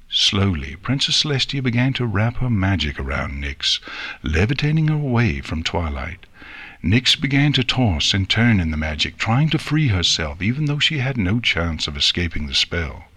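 A man narrating an audiobook with smooth, expressive storytelling. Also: low voice, normal speed. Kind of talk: audiobook reading.

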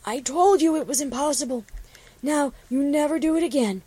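A woman's voice: sits high, moderate pace, dark tone, dry recording, voice pushed up, natural voice. A woman doing a protective, scolding pony mare. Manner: urgent, scolding.

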